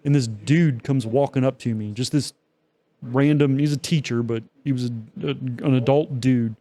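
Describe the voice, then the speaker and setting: A man's voice: mid-range voice, fairly even intonation, moderate pace, dark tone. A young man co-hosting a podcast, telling a long story in loose, profane casual chat with many fillers. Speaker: podcast co-host.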